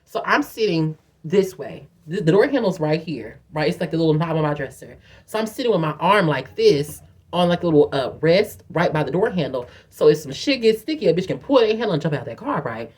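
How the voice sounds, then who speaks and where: A young woman tells a wild story to her phone camera in a loose, casual vlog. She swears freely and jumps into a higher voice when she quotes people. Her own speaking voice sits a little low for a woman. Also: a little fast. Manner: animated, profane, acts out quotes in a higher voice. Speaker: vlogger telling a story.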